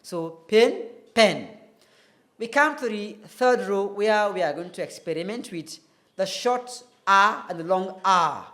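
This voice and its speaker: Male English tutor, TV phonetics lesson, slow and methodical, repeats sounds for the class. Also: sits high, expressive, sharp tone. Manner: slow, deliberate, repeats sounds to demonstrate them.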